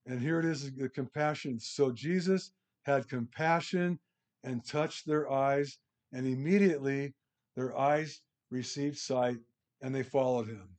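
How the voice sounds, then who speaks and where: A middle-aged man of ordinary pitch teaches a relaxed Bible study, chatting his way through a worksheet. He often restarts his sentences and reads scripture aloud with rising emphasis. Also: normal speed.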